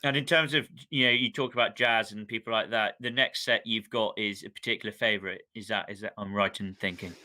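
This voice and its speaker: A man interviews a performer on stage in a very bright, sharp voice. He asks his questions with hesitant enthusiasm. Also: on the low side, steady tone, a little fast, few pauses.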